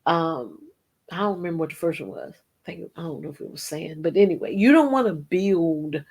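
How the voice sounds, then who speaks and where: A middle-aged woman hosts a devotional program as a Christian singer, teaching slowly and earnestly and slipping into snatches of hymns. Her voice sits on the low side, animated and a little mellow, with vocal fry and a slight roughness.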